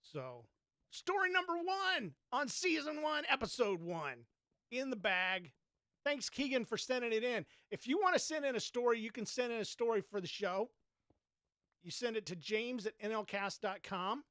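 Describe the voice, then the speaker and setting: A man's voice: very high-pitched, sing-song, normal speed, bright, forceful tone, no room sound, studio quality. A man with a Southern Georgia accent, a podcast host giving casual gameplay commentary and telling a story, folksy and chatty with mild oaths. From Georgia, USA.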